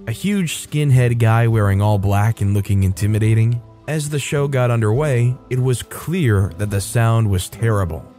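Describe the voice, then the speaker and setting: A man's voice: mid-range voice, warm tone. A man hosting a storytelling channel, narrating in a conversational way and speaking to his audience. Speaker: host narrator.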